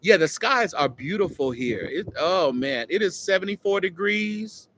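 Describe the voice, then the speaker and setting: A man hosting a casual livestream outdoors, mocking and teasing someone in an animated way. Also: high voice, a little slow, slight background noise. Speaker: host.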